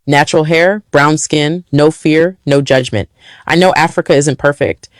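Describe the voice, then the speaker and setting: A man with a mid-pitched voice speaking slowly and from the heart, stacking short phrases. The sound is dry and close, with no room in it. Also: steady tone, dry recording. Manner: measured, heartfelt, list-like phrasing. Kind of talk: emotional personal reflection.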